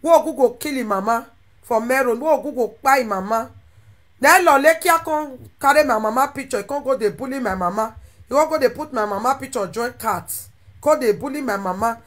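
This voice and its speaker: A woman speaking with a Nigerian Pidgin accent, ranting animatedly to her followers and swinging between loud outbursts and quieter asides. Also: high-pitched, lively intonation, moderate pace. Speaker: social media content creator. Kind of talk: impassioned monologue to followers.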